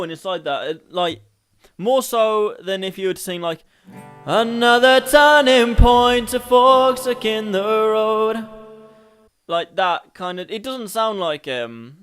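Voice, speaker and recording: A man hosting a casual singing tutorial, energetic and rambling, often laughing at himself. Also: high-pitched, clean tone.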